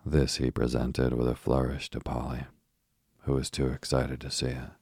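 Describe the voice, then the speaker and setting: A very deep, monotone male narrator. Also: moderate pace, gravelly, husky, no room sound, clean studio sound. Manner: steady, even reading with little rise and fall. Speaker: audiobook narrator. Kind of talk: scripted storybook narration.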